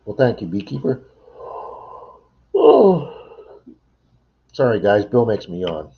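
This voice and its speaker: The livestream host is a middle-aged man broadcasting casually from home, rambling and replying to viewer chat. His fairly low voice is gravelly and animated, a little fast, and the audio sounds dull.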